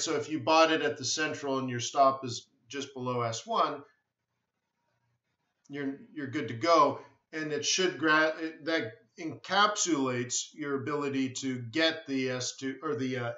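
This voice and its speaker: A man with a mid-range, bright voice and a forceful tone hosts a live forex trading webinar stream. He answers viewers bluntly and emphatically, often repeating his words. The recording sounds dull and lo-fi, in an echoey room.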